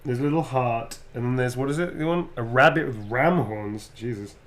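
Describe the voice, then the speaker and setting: A man's voice: mid-range voice, normal speed, a crowd in the background. A man who is a guest actor, chatting playfully and muttering to himself as he signs autographs. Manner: playful, mutters while writing. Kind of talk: casual chat while signing. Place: indoor signing session.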